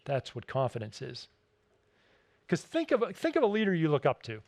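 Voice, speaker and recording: A man giving a keynote talk, telling stories in an animated, emphatic way and repeating his key points. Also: fairly high pitch, normal speed. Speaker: keynote speaker.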